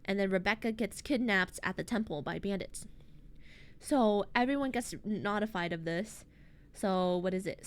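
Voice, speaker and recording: A woman streaming as a VTuber, recapping a story to her chat in a rambling, animated way, full of fillers and internet slang. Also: medium pitch.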